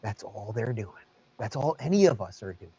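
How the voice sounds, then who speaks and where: Husky, animated male commentator. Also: lowish voice, moderate pace, low-quality recording. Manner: sarcastic, animated. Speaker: commentary show host. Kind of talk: opinion commentary.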